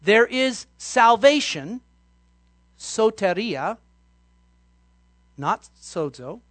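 A man preaching a sermon, telling Bible stories and acting out scenes with sudden shouts. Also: sits high, sing-song, drawn-out words, no echo. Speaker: pastor.

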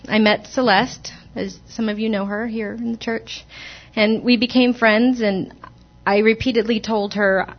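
A woman's voice: on the high side, fairly even intonation, a little slow, dull audio. A woman telling the congregation her personal testimony in a church, hesitant and earnest, with many restarts. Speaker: church member giving testimony. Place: church sanctuary.

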